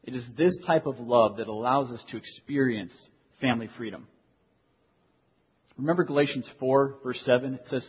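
Young pastor preaching in a reverberant hall. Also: male voice, mid-range voice, moderate pace, breathy edge. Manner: earnest, repeats key phrases for emphasis. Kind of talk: sermon. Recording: dull lo-fi sound in a reverberant hall.

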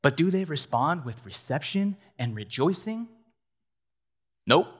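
A man's voice: fairly high pitch, big pitch swings, unhurried, breathy edge. Man preaching an earnest sermon. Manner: earnest, conversational preaching with asides to the congregation. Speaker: pastor.

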